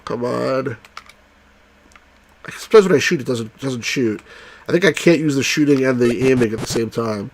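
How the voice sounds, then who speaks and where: A man's voice: mid-range voice, normal speed, long pauses, slight background noise. A man giving casual, jokey commentary while playing an old computer game. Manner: excitable, jokey, does movie impressions. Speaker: let's play host.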